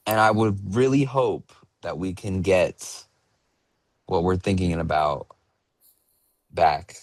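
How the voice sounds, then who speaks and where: A young man co-hosting a fan podcast in casual chat, thinking out loud as he goes. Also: fairly low pitch, no room sound. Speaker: podcast co-host.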